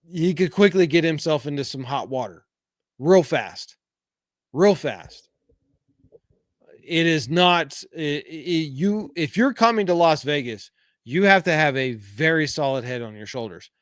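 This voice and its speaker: A man's voice: fairly high pitch, expressive, unhurried, long pauses, no room sound, clean studio sound. A middle-aged man hosting a casual podcast, reading viewer comments aloud and giving frank, rambling opinions full of fillers. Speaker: podcast host. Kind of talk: casual live-chat podcast.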